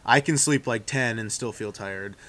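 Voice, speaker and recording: A man's voice: mid-range voice, moderate pace, a bit bright. A young man co-hosting a podcast, telling stories among friends and acting out what people said. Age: young adult. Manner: storytelling, acting out quotes. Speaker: podcast co-host. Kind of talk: casual chat among friends.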